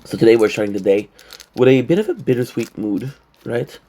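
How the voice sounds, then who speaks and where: A man's voice: medium pitch, expressive, a little fast, dark tone. A man vlogging to camera in a rambling, joking monologue, short on sleep. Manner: rambling, joking, playful asides. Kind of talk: casual vlog monologue to camera.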